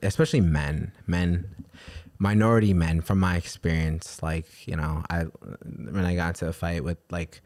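A man talking in a casual chat, animated and profane, laughing often. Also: deep voice, moderate pace, dry recording. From New York.

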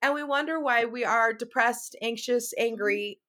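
A woman in her forties chatting casually as a podcast guest, talking in animated, frank rants with some swearing. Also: fairly high pitch, moderate pace. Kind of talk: casual conversational chat.

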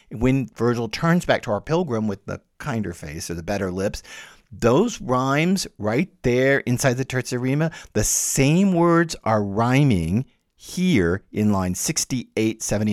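Man, podcast host, lecture-style reading, lively intonation, dry sound. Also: mid-range voice, no echo. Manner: animated, lively emphasis with wry laughs. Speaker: podcast host and literature teacher.

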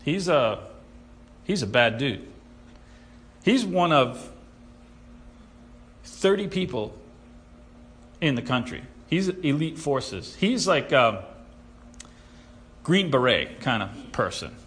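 A man preaching a sermon, animated and sarcastic, who acts out the people he quotes. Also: medium pitch, slow pace, long pauses. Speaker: pastor.

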